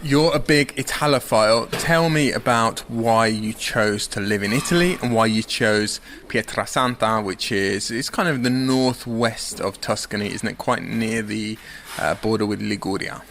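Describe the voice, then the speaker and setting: A man's voice: on the low side, moderate pace, few pauses, a bit bright, a little hiss or hum. A man hosting a podcast in casual chat, teasing and chatty, with fillers. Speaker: podcast host.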